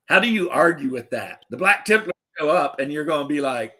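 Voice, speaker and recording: Bright-voiced man rambling casually. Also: a little high, expressive, a little fast, few pauses. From United States. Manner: rambling, profane, joking. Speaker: livestream host. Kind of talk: casual chat.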